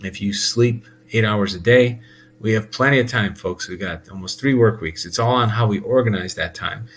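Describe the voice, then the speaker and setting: A man's voice: on the low side, normal speed, a little hiss or hum. A man talking casually in a rambling monologue, full of fillers, restarts and laughs. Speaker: host.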